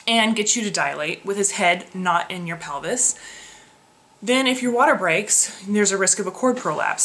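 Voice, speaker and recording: A woman's voice: medium pitch, a bit bright, a little hiss or hum. A young woman casually vlogging, chatty and frustrated, laughing often. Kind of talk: casual pregnancy vlog.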